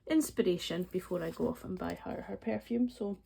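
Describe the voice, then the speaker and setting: Recorded on poor audio, this budgeting vlogger is a woman in her forties from the Scottish Highlands. Her voice sits on the low side, brisk and mellow with vocal fry and a slight roughness. She rambles through a chatty cash-stuffing voice-over, counting money aloud and saying um a lot.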